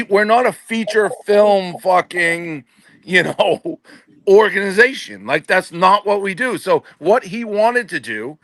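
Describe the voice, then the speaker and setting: A man's voice: high-pitched, a bit bright, no room sound. Profane, heated man ranting bluntly. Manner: profane, exasperated, fast and blunt. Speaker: company boss on a podcast panel. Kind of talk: heated casual rant.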